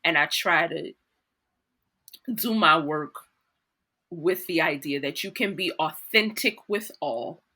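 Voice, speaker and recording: A woman's voice: low voice, slow pace, pauses often, sharp tone, breathy edge. A middle-aged woman with a New Orleans accent, telling stories as a guest in a casual interview, acting out quotes and laughing often. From New Orleans, USA. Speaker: guest actor.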